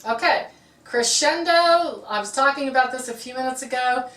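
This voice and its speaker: A woman's voice: sits high, moderate pace, a bit bright, distant mic. A woman teaching a harp lesson, explaining music terms patiently and often checking in with "okay". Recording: roomy, from off-mic.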